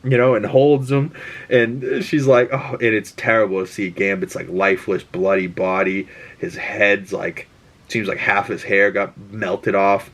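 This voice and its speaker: A man recapping a TV episode in an excitable, rambling way, full of fillers and swearing. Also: on the low side, unhurried. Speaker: pop culture podcast host.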